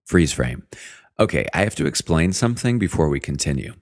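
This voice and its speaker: A man's voice: rumbling low, very animated, a little fast, no room sound, clean studio sound. A man narrating an audiobook in the first person, wry and conversational, with self-mocking asides.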